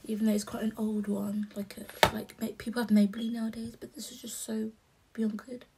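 A young woman talks her way through a makeup routine at home in a soft, half-whispered, chatty voice. Her voice sits slightly high and carries a gravelly fry. A faint hiss runs underneath. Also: flat delivery, fairly quick. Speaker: vlogger. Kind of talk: casual chat while doing makeup.

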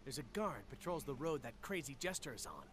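An actor playing a grumpy, suspicious male farmer who talks in a gruff, exasperated rural drawl. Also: medium pitch, big pitch swings, brisk, slight background noise, close to an everyday voice.

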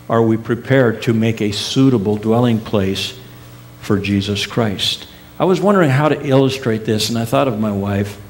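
A middle-aged male pastor preaching a sermon in earnest, with emphatic rising peaks, soft drops and casual folksy asides. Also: lowish voice, slight background noise. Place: church sanctuary.

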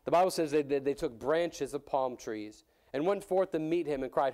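A man's voice: on the high side, normal speed, darkish tone. A man preaching a sermon in an earnest way, restarting and repeating phrases, his voice rising when he voices the crowds.

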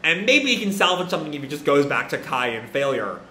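A man's voice: fairly high pitch, sing-song, fast, sharp tone, a little hiss or hum. Guy rambling through a manga reaction, stuffy sinuses, echoey room. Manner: rambling, thinks aloud with fillers. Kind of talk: casual live reading and reaction.

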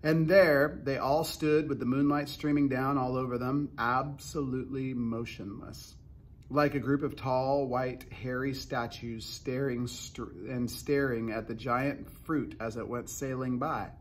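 A man's voice: mid-range voice, steady tone, a little slow, slight background noise. A man reading a children's book aloud, narrating unhurriedly with small restarts.

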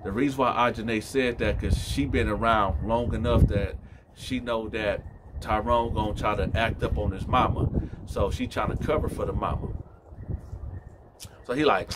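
A man's voice: on the low side, normal speed, very noisy. A man telling a story casually and animatedly, speaking straight to his listeners. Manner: animated, addresses listeners directly.

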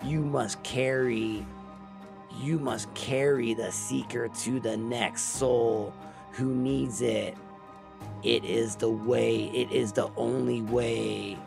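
A man's voice: medium pitch, steady tone, takes it slowly, vocal fry, over music. A man voicing a stern male cult leader who gives commands.

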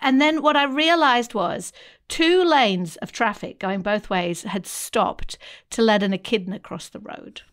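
An Australian woman co-hosting a podcast, telling stories in an animated casual chat and laughing often. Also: medium pitch, unhurried. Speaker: podcast co-host.

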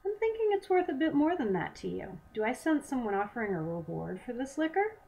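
A woman's voice: on the high side, sing-song, a little fast, creaky, mellow, pitched above the performer's own voice. A woman voicing a cool, defiant female airship commander who bargains in a dry, guarded way, in a storybook reading.

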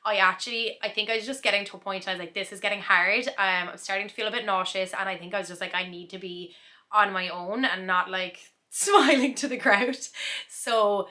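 A woman's voice: medium pitch, sharp tone. A young woman chatting in a casual vlog, recapping her day in a reflective, talkative way with frequent laughs. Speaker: vlogger.

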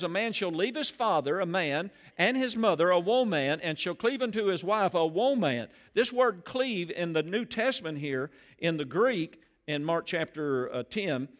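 A man preaching a sermon as pastor in a church, animated and rising loud on key phrases. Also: sits high. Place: church sanctuary.

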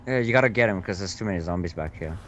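Brief: a somewhat low-voiced man calmly calling out positions and plans in a co-op game. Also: very fast, lo-fi sound, a little hiss or hum. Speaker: co-op game player. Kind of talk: casual gaming chat.

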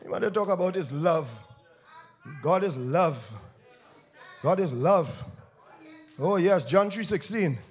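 A male preacher, delivering a sermon in a church, swinging between shouted emphasis and low, intense repetition. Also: expressive, slow, long pauses, breathy edge.

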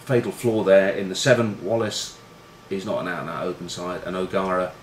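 A middle-aged former rugby player rambles through stories with plenty of swearing, fillers and self-mockery. His voice sits a bit low. The room is echoey, with a faint background hiss. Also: fairly even intonation, fairly quick. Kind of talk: casual storytelling. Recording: roomy room echo with faint noise.

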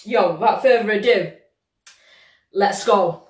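A British woman hosting a reaction video, talking in an excitable, slangy way and laughing easily. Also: medium pitch, reverberant, a crowd in the background. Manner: slangy, animated, quick to laugh. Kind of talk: excitable casual reaction commentary.

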